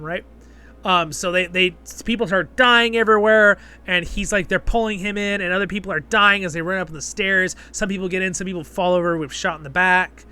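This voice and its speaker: A man's voice: high-pitched, bright, forceful tone. A man hosting a casual spoken review, chatty and rambling, full of fillers and frequent "right?" checks. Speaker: host and show reviewer.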